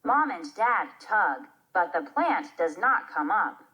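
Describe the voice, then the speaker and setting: Woman narrator for a kids' play reading, slow and lively. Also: on the low side, low-quality recording. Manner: clear storybook reading, naming each part. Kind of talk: reading a children's play aloud.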